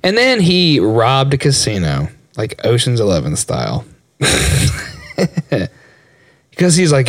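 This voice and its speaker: A young man co-hosting a loose podcast, rambling and laughing as he swears his way through stories. His pitch jumps all over the place. The sound is dry and close, with no room around it. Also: huge pitch swings, slow pace, long pauses, dry recording. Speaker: podcast co-host. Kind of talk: casual chat.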